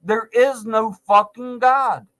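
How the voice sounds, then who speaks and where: A man in his forties rants to his viewers in a high voice for a man. He speaks slowly and drags out his words. He is sarcastic and swears through nearly every line. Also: steady tone, fairly bright tone. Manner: angry, sarcastic, heavy swearing. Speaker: vlogger. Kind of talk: profane ranting monologue.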